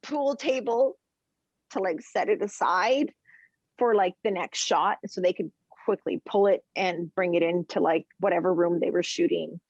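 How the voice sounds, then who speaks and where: A woman's voice: on the low side, steady tone, moderate pace, no room sound, highs cut off. A woman, a chef and food journalist, chatting casually as a podcast guest and rambling through anecdotes with fillers and laughs.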